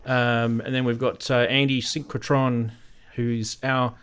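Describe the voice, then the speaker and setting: A man's voice: mid-range voice, little pitch movement, measured pace, a bit bright, clean tone. A man with an Australian accent hosting a casual live stream, rambling and greeting viewers in the chat by name. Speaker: host of a synth live stream.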